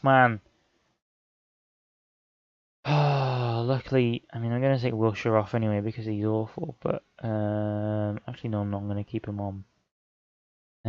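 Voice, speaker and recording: A man's voice: on the low side, clean tone, dry recording, muffled recording. A young man commentating on a football management game, often frustrated and exclaiming at the action. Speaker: gaming channel host.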